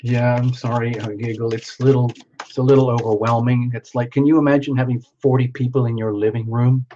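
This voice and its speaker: A man runs a live tarot reading stream, chatting casually with viewers, talking to himself, and reading their names aloud. His mid-range voice has a dark tone and a flat, fairly quick delivery. The sound is dull and lo-fi with faint background noise.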